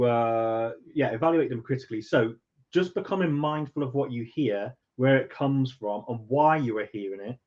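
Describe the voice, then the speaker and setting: A man's voice: mid-range voice, a little mellow, muffled recording. A man co-hosting a podcast, explaining ideas in a dry, good-humoured way. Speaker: podcast co-host. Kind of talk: casual chat.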